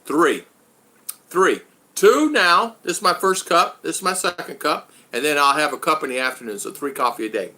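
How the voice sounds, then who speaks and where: A man's voice: on the high side, lively intonation, moderate pace, sharp tone. A man in his sixties casually chatting on a live stream from his home, reading viewer comments aloud and laughing often. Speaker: vlogger hosting a live stream. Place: home in the Philippines.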